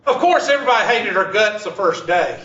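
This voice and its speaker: In a classroom math lecture, a blunt, joking man keeps drifting off into stories. His high voice is expressive, brisk, bright, and forceful, with slight background noise, and the lo-fi room recording sounds roomy, distant, and dull.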